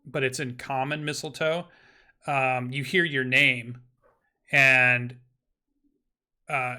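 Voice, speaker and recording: A man running a tabletop game as game master. He narrates haltingly, restarting often. His voice is bright and forceful, at a middle pitch. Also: fairly even intonation, clear, resonant tone. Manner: halting, many ums and restarts.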